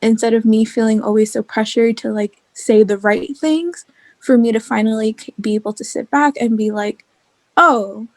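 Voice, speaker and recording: A woman's voice: a little high, fairly even intonation, normal speed, mellow, no echo. A young woman, a physics student, sharing a story reflectively in a casual group call, with lots of "like". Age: young adult.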